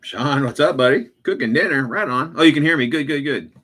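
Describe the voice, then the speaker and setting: A man's voice: mid-range voice, fairly quick, a bit bright, slightly rough. A man hosting a live stream, chatting casually with viewers in a rambling, profane way full of fillers and restarts.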